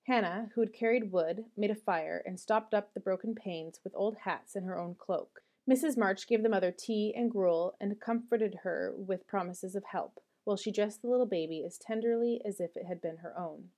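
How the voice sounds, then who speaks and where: A woman reads a classic novel aloud, measured and expressive. Her voice is mellow and soft-toned, sitting at a middle pitch. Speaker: audiobook narrator. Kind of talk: audiobook reading.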